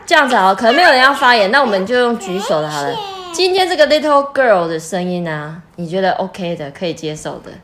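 A woman's voice: mid-range voice, very animated, fast, fairly bright tone. A woman from Taiwan hosting a casual bilingual chat, cheerful and giggly. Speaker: host.

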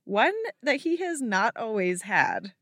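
A woman's voice: a little high, sing-song, slow pace, a bit bright. A woman co-hosting a podcast in scripted narration, wry and conversational. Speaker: podcast co-host.

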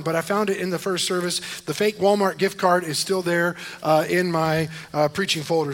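A male pastor preaching a sermon, mixing joking asides with loud, emphatic stretches that call for amens. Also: high voice.

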